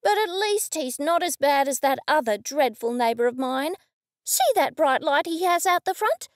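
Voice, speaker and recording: A woman voicing a fussy, complaining older female neighbour in a storybook reading, with a shrill, nosy, whiny manner. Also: animated, moderate pace, no echo, studio quality.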